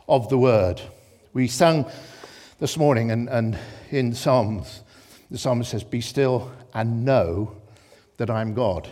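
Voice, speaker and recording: A man preaching a sermon in church, impassioned, swinging between loud exclamations and hushed reflection. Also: medium pitch.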